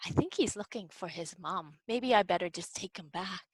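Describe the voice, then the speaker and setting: A woman hosting a children's library program, telling a story to young kids in an animated, coaxing way and asking them questions. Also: lowish voice, moderate pace, a little hiss or hum, low-quality recording. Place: at home.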